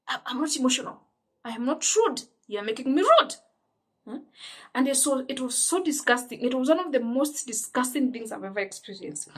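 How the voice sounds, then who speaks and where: A young woman with a Kenyan accent telling a personal story in an emphatic, indignant way, often restarting her sentences. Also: fairly high pitch. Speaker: vlogger. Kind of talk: storytime monologue.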